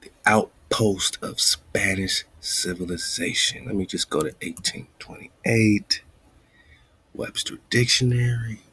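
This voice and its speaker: A man hosting a radio show, thinking aloud as he looks up words, muttering and whispering asides to himself and reading quoted lines slowly. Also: lowish voice, pushed and bright, slightly rough, no echo. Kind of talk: casual research talk, looking up words live.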